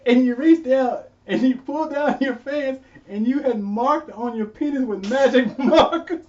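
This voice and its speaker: A man's voice: extremely high pitch, measured pace, a little mellow, far from the mic, highs cut off. A man interviewing his grown son, often laughing as he tells stories and acts out voices in quotes. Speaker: interviewer and father. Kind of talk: unscripted conversation.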